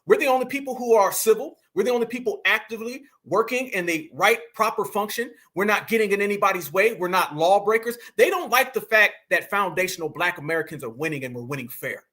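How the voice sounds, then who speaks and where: A man's voice: sits high, pushed and bright. A man hosting reaction commentary, preachy and mocking, repeating points and firing rhetorical questions. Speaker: commentary host.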